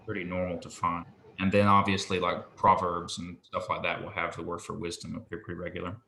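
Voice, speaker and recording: A man patiently tutoring a student in Hebrew pronunciation, relaxed and a little hesitant, with many ums. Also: low voice, brisk, creaky, a little hiss or hum. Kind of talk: patient one-on-one language lesson. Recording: echoey room with faint ambience.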